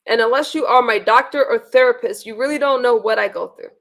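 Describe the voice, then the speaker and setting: A woman's voice: a little high, a little fast, creaky, a bit bright. A woman hosting a casual livestream, venting bluntly with profanity and frequent restarts. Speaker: livestream host.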